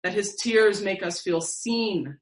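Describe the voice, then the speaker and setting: A woman preacher giving a sermon in a slow, measured, reflective way with long pauses. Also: mid-range voice, reverberant, rough recording.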